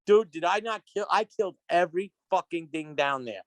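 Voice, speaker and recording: A man as a podcast guest, telling stories in an excitable, rambling way, full of restarts and acted-out quotes. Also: high voice, moderate pace, dry recording. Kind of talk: casual storytelling chat. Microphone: podcast microphone.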